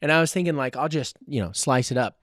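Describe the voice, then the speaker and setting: A man's voice: fairly high pitch, quick pace, a bit bright, no echo, clean studio sound. A young man, a woodworking student, animatedly telling a story in a casual podcast chat and laughing often between sentences.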